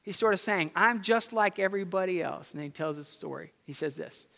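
A man's voice: sits high, a little fast, gravelly, a bit bright, long reverb tail. A man preaching a sermon as pastor in a church, building his points through emphatic repetition. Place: church sanctuary.

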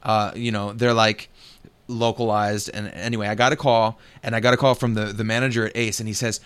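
A young man co-hosting a casual gaming podcast, telling a long story in a relaxed way, laughing often and swearing freely. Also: lowish voice, brisk, smooth. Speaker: podcast co-host.

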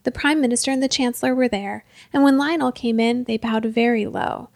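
Woman storyteller, storybook reading, higher voice, dry close sound. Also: fairly even intonation, a little fast, creaky, no echo.

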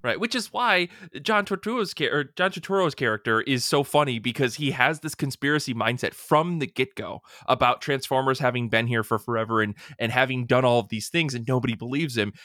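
Male podcast co-host: bright, forceful tone, dry close sound, energetic and chatty. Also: medium pitch, fairly quick, few pauses, dry recording. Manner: animated, enthusiastic retelling. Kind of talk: casual podcast chat.

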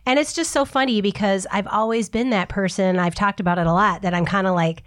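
A middle-aged woman co-hosting a podcast in casual chat, animated and laughing often, swearing freely, with a cough. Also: mid-range voice, a little fast. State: has a cough. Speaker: podcast co-host.

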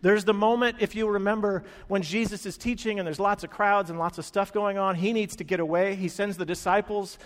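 Male preacher, slightly high voice, lively storyteller who acts out quotes, long hall reverb. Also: a little fast, few pauses. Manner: animated storytelling, acting out quoted lines. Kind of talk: sermon.

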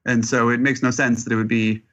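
A man's voice: medium pitch, level tone, brisk, fairly bright tone, lo-fi sound. A man, a film critic on a podcast panel, chatting casually with dry humor.

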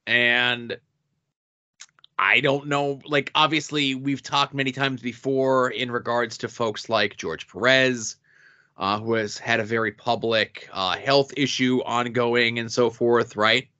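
Podcast host dude, crisp bright voice, dry jokey, lo-fi skype-ish sound. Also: male voice, medium pitch, fairly even intonation. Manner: wry, joking, halting restarts. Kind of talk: casual chat. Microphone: remote call recording.

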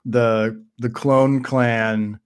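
A man chatting casually as a podcast co-host, with a middle-pitched voice. He jokes freely, stumbles and restarts his sentences, and talks over the others. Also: flat delivery, very slow, clean tone. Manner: joking, full of restarts. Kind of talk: casual chat.

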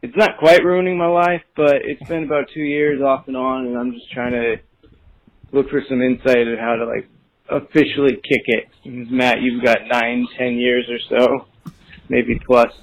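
A man leaving a rambling voicemail, pausing often with "uh" and "like". His pitch is mid-range and his tone is plain. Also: little pitch movement, lo-fi sound. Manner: hesitant, rambling, lots of fillers. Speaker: voicemail caller. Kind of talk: recorded voicemail message.

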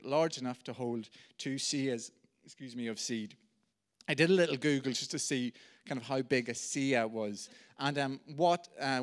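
Lively man preaching with jokey asides. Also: a little high. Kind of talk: sermon.

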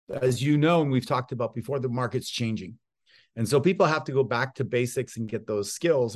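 Middle-aged man, medium pitch, conversational interview, animated storyteller. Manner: animated storyteller, acts out quoted voices. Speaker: real estate guest expert.

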